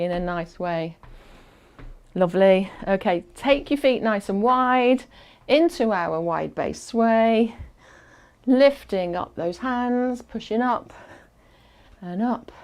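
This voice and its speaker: A woman's voice: a little high, darkish tone, clean tone. A woman instructing a fitness class, chatty and encouraging, counting down aloud and a little out of breath as she exercises along.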